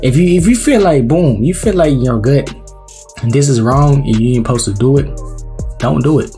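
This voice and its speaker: A man's voice: mid-range voice, animated, normal speed, mellow, soft background music. A man reacting to a clip, explaining and preaching in casual slang and repeating his points. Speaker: reaction video host. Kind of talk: reaction commentary.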